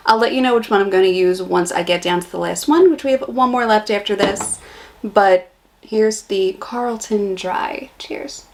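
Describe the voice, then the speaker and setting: A woman's voice: mid-range voice, moderate pace. A young American woman vlogging a casual beer taste test, chatty and blunt in her reactions. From United States.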